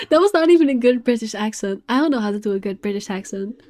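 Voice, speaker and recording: Brief: woman streamer, casual giggly commentary, mellow, slightly high voice, faint music under. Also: expressive, fairly quick. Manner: giggly, self-mocking asides. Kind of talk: casual commentary while playing. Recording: faint game music behind.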